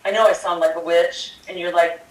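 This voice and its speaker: A woman's voice: lowish voice, fairly even intonation, fairly quick, distant mic. An older woman giving a public comment at a school board meeting, impassioned, blunt and confrontational. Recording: echoey hall, picked up from afar.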